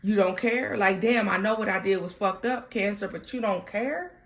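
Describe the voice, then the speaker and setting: A woman giving a casual tarot reading to her viewers, animated and slangy. She breaks into bits of song and laughs often. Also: mid-range voice, normal speed. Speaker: tarot reader.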